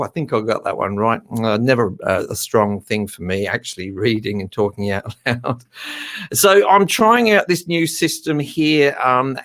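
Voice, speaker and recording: A middle-aged man hosts a live stream in casual chat. He rambles warmly along with plenty of ums and uhs and sounds a touch nervous. His pitch sits in an ordinary middle range. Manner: chatty, slightly nervous, many fillers.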